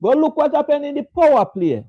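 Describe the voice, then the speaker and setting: A man's voice: very high-pitched, big pitch swings, a little fast, no room sound. A man hosting a casual live-stream cricket chat, laughing often and repeating phrases. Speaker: sports show host. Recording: dull, dry lo-fi sound.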